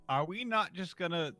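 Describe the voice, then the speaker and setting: A man's voice: high voice, sharp tone. A man hosting a casual stream chat, bantering with a guest in mock outrage and swearing freely. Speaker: streamer host.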